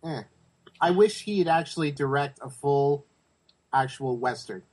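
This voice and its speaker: A man's voice: on the high side, unhurried, a little mellow. A man co-hosting a podcast in casual chat, enthusiastic and swearing freely. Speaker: podcast co-host.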